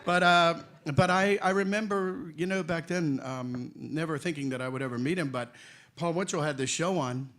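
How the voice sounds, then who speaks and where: An older man in his sixties tells stories on a convention panel in a slightly high voice. He is bright and forceful, animated, joking and quick to laugh. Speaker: voice actor guest on a convention panel. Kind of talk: anecdotal panel storytelling.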